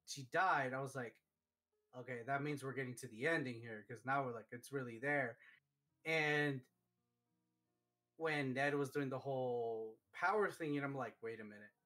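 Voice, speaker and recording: A man hosting a live stream, chatting casually and telling stories excitedly, with lots of fillers. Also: mid-range voice. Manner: excitable, animated storytelling with many fillers. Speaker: streamer host. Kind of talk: casual chat.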